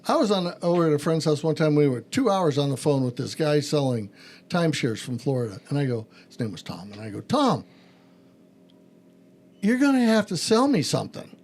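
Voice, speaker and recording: Animated gravelly-voiced man telling a story. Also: a little high, quick pace. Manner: animated storyteller acting out phone calls. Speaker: podcast host and pastor. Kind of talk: storytelling in casual chat.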